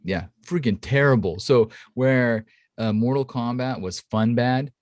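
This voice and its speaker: A man co-hosting a podcast in casual chat, animated and profane, often laughing. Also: unhurried, dry recording. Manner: animated, swears, laughs often, mimics people in high voices. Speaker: podcast co-host.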